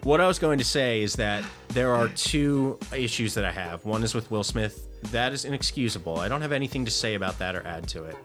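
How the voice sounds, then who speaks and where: Young male podcast co-host, low but bright voice, rambling casual delivery. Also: brisk, few pauses, soft background music. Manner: rambling, animated, frequent fillers and restarts. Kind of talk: casual comedic movie-podcast chat.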